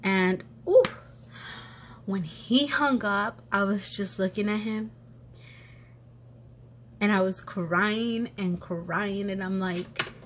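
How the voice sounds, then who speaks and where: A woman's voice: medium pitch, takes it slowly, pauses often. A young woman vlogger telling a personal story in a casual, chatty way, full of "like" fillers and blunt swearing. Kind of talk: casual storytime while eating.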